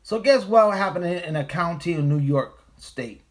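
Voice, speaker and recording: A man's voice: high-pitched, expressive, moderate pace. A man hosting a casual livestream, talking in an emphatic, profane way and repeating his phrases for stress. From United States. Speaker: livestream host.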